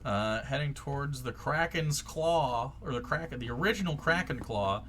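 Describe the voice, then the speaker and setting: A man's voice: medium pitch, animated, normal speed, fairly bright tone, slight background noise. A man narrating a tabletop game as game master, casual and profane, with many ums and likes.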